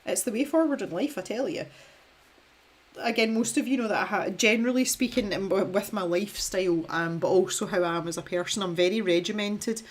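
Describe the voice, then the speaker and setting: A young Scottish woman paints on a live stream, chatting in a rambling, self-mocking way and laughing a lot. Her voice sits in the mid range and moves along fairly quickly.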